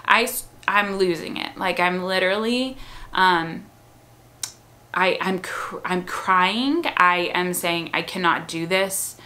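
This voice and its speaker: A woman's voice: fairly low pitch, takes it slowly, bright, forceful tone. A young woman casually telling the story of a long, hard labor, chatty and frank, with many fillers and restarts. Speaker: mother telling her birth story.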